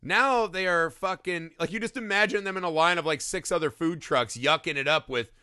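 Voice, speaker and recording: A man co-hosts a movie podcast in a loose, rambling way, swearing often. His voice sits a little high and sounds bright and forceful. It is recorded close and dry. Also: brisk, clean tone, no echo. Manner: rambling, profane, acts out silly voices in his stories. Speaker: podcast co-host. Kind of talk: casual movie-review chat.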